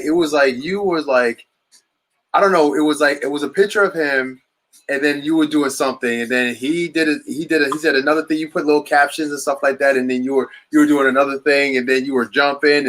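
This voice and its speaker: A man's voice: mid-range voice, fairly bright tone. Rambling enthusiastic male podcast host. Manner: rambling, restarts often, enthusiastic. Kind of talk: casual chat interview.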